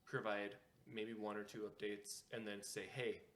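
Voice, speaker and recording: A man co-hosting a casual gaming podcast, his voice sitting fairly low. He lays out his opinions in a steady, measured way. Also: a little hiss or hum. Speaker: podcast co-host. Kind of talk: casual chat.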